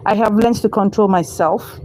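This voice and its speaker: A woman hosting a trading channel, talking viewers through her numbers step by step and getting excited at her gains. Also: mid-range voice, moderate pace, slight background noise, poor audio. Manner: excitable, cheers and laughs at wins. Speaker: crypto trading channel host. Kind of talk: screen-recorded trading walkthrough.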